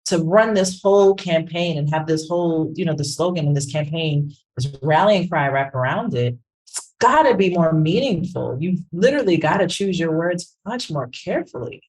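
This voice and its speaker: Woman podcast co-host, animated, conversational, slightly low voice. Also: moderate pace, low-quality recording. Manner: animated, keeps asking "right?". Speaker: podcast co-host, branding professional. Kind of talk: casual conversational commentary.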